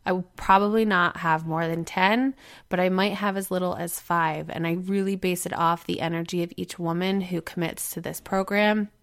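A woman's voice: lowish voice, fairly even intonation, normal speed. A woman in her thirties hosting a podcast, telling a story and encouraging listeners in an earnest, motivating way. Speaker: podcast host and coach. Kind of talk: podcast monologue with a told story.

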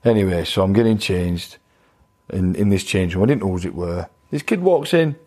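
A man's voice: low voice, animated, moderate pace, darkish tone. A former boxer, telling his stories bluntly in a casual interview. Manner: blunt, plain-spoken, acts out quoted voices. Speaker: retired boxer guest.

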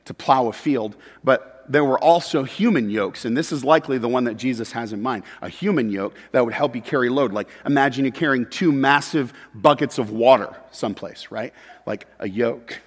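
A man preaching a sermon as pastor, moving between loud emphatic peaks and quiet, confessional asides. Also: mid-range voice. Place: church sanctuary. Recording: long hall reverb.

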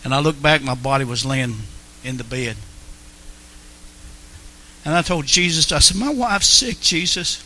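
A man's voice: medium pitch, moderate pace, long pauses, bright, forceful tone, poor audio. A man telling his personal faith testimony in an earnest way, repeating phrases for emphasis. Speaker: Christian testimony speaker.

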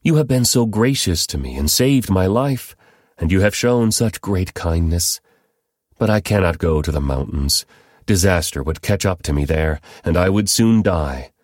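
A man's voice: low-pitched, lively intonation, moderate pace, darkish tone, no echo, clean studio sound. A man voicing an anxious man who begs urgently to protect his guests, in a Bible reading. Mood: anxious pleading. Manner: pleading, urgent.

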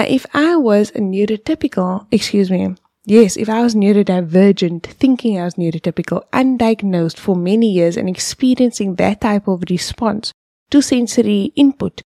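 A woman with a mellow, mid-range voice hosts a podcast, explaining things step by step with vivid examples and now and then dropping to a whisper. The recording is dry and studio quality.

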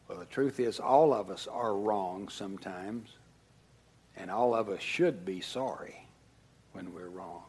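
A husky-voiced middle-aged man preaching from the pulpit. He talks at an unhurried, deliberate pace and shifts between quiet, almost whispered lines and sudden loud bursts as he tells his story. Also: low-pitched. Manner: storytelling, swings from hushed to loud. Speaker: pastor. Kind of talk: sermon.

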